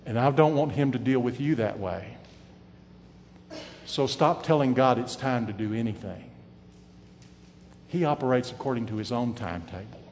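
A man preaching a sermon, his voice swinging from loud and emphatic to quiet and hushed. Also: mid-range voice, moderate pace, pauses often, big-room sound, slight background noise.

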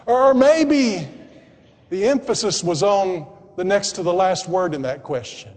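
A man preaching a sermon and reading scripture, emphatic and building to loud appeals. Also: high-pitched, lively intonation, normal speed. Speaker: pastor. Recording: long hall reverb.

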